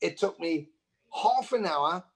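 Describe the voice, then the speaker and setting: A middle-aged man with a husky, somewhat high voice. He tells stories in a loose, rambling way and circles back to repeat himself for emphasis. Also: animated, takes it slowly. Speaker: band member guest. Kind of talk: casual storytelling.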